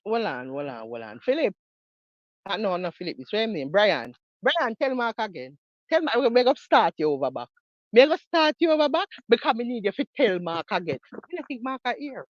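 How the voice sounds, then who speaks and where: A woman's voice: medium pitch, big pitch swings, brisk, no room sound. Jamaican lady ranting over a clip, scornful n repetitive, dry close sound, kinda dull lo-fi. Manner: mocking, heated, repeats herself. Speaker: commentator reacting to a video. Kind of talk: reaction commentary.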